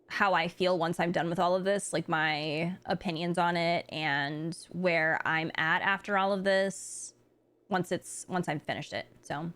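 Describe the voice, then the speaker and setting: A woman's voice: fairly low pitch, a bit bright, clean tone. A woman streaming a game live, chatting casually and thinking aloud with lots of fillers.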